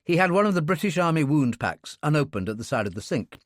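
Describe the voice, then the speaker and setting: A man narrating a thriller audiobook in a steady, expressive reading. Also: a little high, fast, no echo, clean studio sound. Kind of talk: scripted narration.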